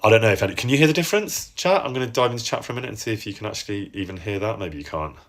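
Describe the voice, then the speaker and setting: Man, very low voice, chatty live-stream Q&A, reflective. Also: lively intonation, very fast, a bit bright. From English Midlands. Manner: chatty, reflective, reads out viewer questions. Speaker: voice actor hosting a live stream.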